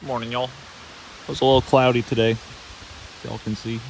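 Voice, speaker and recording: A man's voice: mid-range voice, level tone, a little fast, gravelly. A man talking casually to camera while on a motorcycle trip, rambling and swearing now and then. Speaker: motorcycle travel vlogger. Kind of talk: casual vlog talk to camera. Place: outdoors on the road. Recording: wind noise on an outdoor mic.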